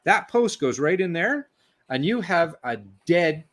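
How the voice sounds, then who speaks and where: A man's voice: on the high side, animated, unhurried, fairly bright tone. An older man, a guest engineer, telling technical stories in a rambling, self-interrupting way, blunt and sometimes swearing. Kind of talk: casual technical storytelling.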